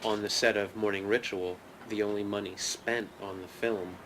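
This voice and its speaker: A man hosting a talk show, chatting calmly with his guest. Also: lowish voice, normal speed, a little hiss or hum. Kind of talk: casual interview chat.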